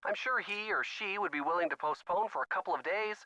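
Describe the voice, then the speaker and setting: A man's voice: high voice, quick pace, pushed and bright, dry recording. A man voicing a wry young male sidekick in a video game, dry and teasing.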